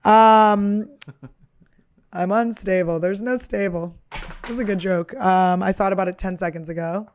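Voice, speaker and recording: A thirty-something woman who does comedy talks on her own podcast in a meandering, self-deprecating monologue laced with profanity and fillers, confessional and casual in tone. Her medium-pitched voice is steady, a little slow and slightly mellow, with slight background noise.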